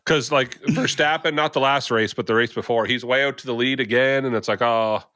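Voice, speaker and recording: A man's voice: mid-range voice, fairly even intonation, a little fast, bright, forceful tone, dry recording. A man co-hosting a casual podcast chat, joking and laughing often as he riffs on racing. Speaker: podcast co-host.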